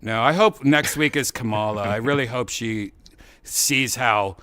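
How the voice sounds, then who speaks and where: A man hosts a podcast in easy, rambling chat and doubles back on his words. His voice is bright and forward, and the sound is close and dry. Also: medium pitch, unhurried, clean tone, dry recording. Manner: rambling, animated, repeats himself. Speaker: podcast host. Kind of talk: casual chat.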